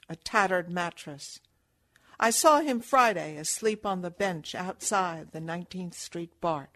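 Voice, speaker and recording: A woman reading her poems aloud at an unhurried pace. Her voice sits low and she keeps a measured, sober manner. Each line is given room to land. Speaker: poet reading her work. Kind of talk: poetry reading.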